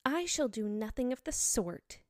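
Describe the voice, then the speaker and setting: A woman's voice: a little high, very animated, measured pace, no echo, clean studio sound, voice pushed up. A woman voicing a small, easily offended mouse in a storybook reading, speaking sharply. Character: touchy, sad little mouse.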